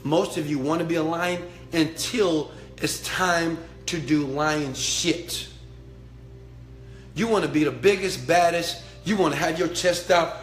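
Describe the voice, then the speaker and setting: A man giving a blunt, profane motivational talk, preaching to an online audience and swinging from low murmurs up to shouted chants. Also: measured pace. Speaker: motivational speaker and mentor. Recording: echoey room with faint music.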